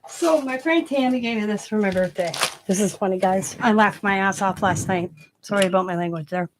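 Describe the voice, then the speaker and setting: A woman's voice: medium pitch, a little fast, background noise. A middle-aged woman hosting a crafting channel, chatting casually, laughing often and breaking off to restart her sentences.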